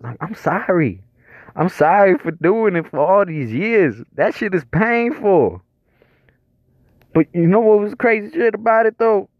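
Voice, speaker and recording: A man with a somewhat high voice tells a crude, rambling comic story, swearing freely and chuckling as he goes. The recording is dull and lo-fi, with a dry, close sound and no room echo. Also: lively intonation, unhurried. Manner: profane, rambling, chuckles between lines.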